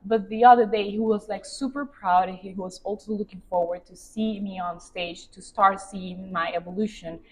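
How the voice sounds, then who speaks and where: A woman's voice: medium pitch, steady tone, normal speed, few pauses, a little mellow, low-quality recording. Young venezuelan woman with spanish accent, earnest and upbeat, bit of background hiss. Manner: earnest and upbeat, second-language phrasing. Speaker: pageant contestant. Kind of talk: casual interview answers.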